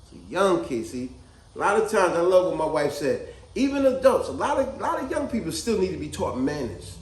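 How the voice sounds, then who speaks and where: A man's voice: sits high, fairly quick. A middle-aged man telling a story casually, acting out the people in it. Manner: animated, acts out voices of people in his stories. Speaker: vlogger telling stories. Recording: echoey room.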